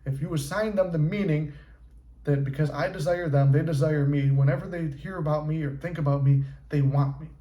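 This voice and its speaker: A man coaching on manifestation in a casual, profane, animated monologue. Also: fairly high pitch, fairly quick. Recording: echoey room.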